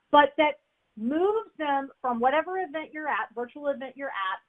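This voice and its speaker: High-voiced energetic woman coaching over tinny audio. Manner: energetic, repeats key phrases, says "right?" often. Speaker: speaking coach. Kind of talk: webinar teaching.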